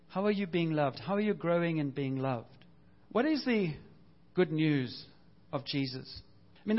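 Earnest male preacher, slightly high voice. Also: lo-fi sound. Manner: earnest, conversational preaching with rhetorical questions. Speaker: pastor. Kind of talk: sermon.

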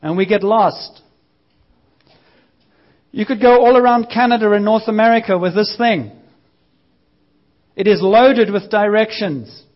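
High-voiced preacher man, dull recording. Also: unhurried, pauses often. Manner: lively, uses a prop as a visual aid. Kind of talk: sermon. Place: church.

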